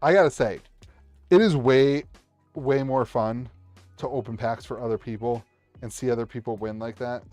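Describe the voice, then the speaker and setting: A man streams live from a table in his home setup, opening card packs and excitedly hyping big pulls with cheers and shouts. He rambles, often restarting sentences, in a mid-range voice at a moderate pace. There's no echo, and soft music plays in the background.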